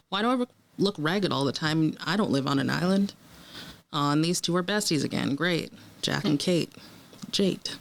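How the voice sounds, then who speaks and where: A woman co-hosting a podcast, chatting casually as she reacts aloud to a TV episode and talks back to the characters on screen. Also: sits low. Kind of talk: casual watch-along commentary.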